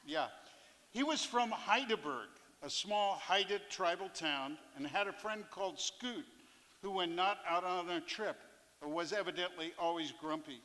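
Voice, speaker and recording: Guy reading a sea story on stage, bright edgy tone, echoey theatre. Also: high voice, unhurried. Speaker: fisherpoet performer. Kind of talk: reading a first-person fishing memoir on stage. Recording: live theatre with long reverb.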